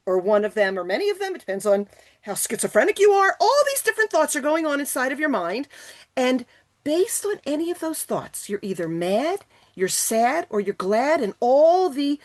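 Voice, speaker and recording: A woman presenting a motivational talk to a virtual retreat, animated and coaxing her listeners with questions, speaking over a video call. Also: a little high.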